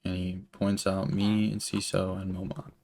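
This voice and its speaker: Young guy with a low gravelly voice, swearing a lot and rambling through a story while gaming, faint hiss. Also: level tone, normal speed, darkish tone. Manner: rambling, profane, full of filler words. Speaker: gamer telling a story.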